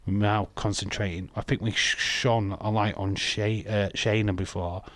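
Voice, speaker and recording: A man's voice: on the low side, flat delivery, normal speed, dry recording. A man hosting a live wrestling watch-along, chatting casually in a sarcastic, joking way and swearing freely.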